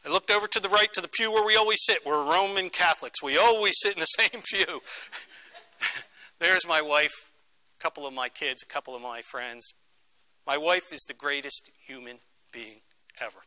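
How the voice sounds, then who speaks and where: Guest lecturer, man, middle-aged, from Philadelphia; bright, fairly high voice, dramatic storyteller. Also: normal speed. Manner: dramatic, acts out quoted voices. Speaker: guest speaker. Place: university lecture room.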